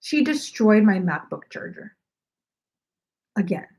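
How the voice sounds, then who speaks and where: A woman's voice: medium pitch, big pitch swings, slow, vocal fry, a little mellow. A woman hosting a casual livestream from home, chatting in a rambling way and saying "like" often. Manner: rambling and chatty, heavy use of "like". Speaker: knitting livestream host.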